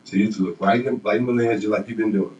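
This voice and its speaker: A man's voice: lowish voice, steady tone, fast talker, darkish tone, lo-fi sound. A man interviewing an athlete on camera, coaching and encouraging him.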